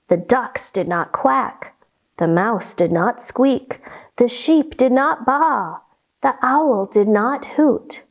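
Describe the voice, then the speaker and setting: Slow, sing-song woman yoga storyteller. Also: medium pitch. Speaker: children's yoga teacher and storyteller. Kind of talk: storytime read-aloud with yoga instruction.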